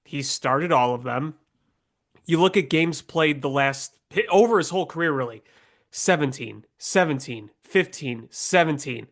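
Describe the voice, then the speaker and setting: A man's voice: on the high side, measured pace, fairly bright tone. A man with a nasal, congested voice from a cold, co-hosting a sports podcast and rambling through player stats. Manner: rambling stats-heavy analysis. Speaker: podcast co-host. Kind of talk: casual sports talk.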